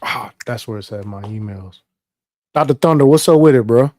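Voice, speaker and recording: A man hosting a live stream, talking in a casual, animated, profane and rambling way. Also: medium pitch, normal speed, dry recording, clean studio sound. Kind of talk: casual livestream commentary.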